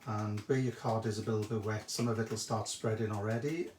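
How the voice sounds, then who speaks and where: A man's voice: lowish voice, steady tone, fairly quick, a little mellow. A man hosting a live craft demonstration, chatting and greeting viewers by name as he works. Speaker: craft shop host demonstrating a technique. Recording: echoey room, faint background noise.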